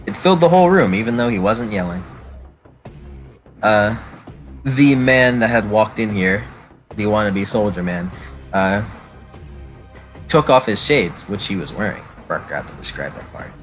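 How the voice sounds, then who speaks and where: A man with a low, lively voice narrates a tabletop role-play game as the game master. He describes each scene at length, leaning on fillers and correcting himself as he goes. Faint music plays underneath. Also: unhurried, long pauses, rough recording.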